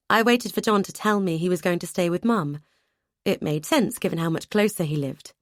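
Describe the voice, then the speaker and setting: A woman narrating a first-person audiobook in a measured way, with lively dialogue. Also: fairly low pitch, dry recording, clean studio sound.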